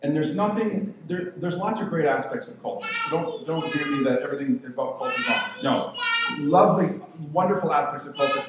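A man in his fifties preaching a sermon, conversational and self-deprecating, slowing down for emphasis. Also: fairly high pitch, sing-song. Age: 50s. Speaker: pastor. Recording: very echoey room with faint ambient noise.

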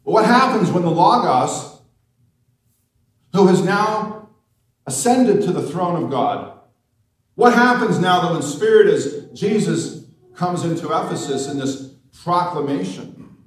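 A man preaching a sermon, putting rhetorical questions to the congregation and slowing down for emphasis. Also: high-pitched, animated. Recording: echoey room, mic at a distance.

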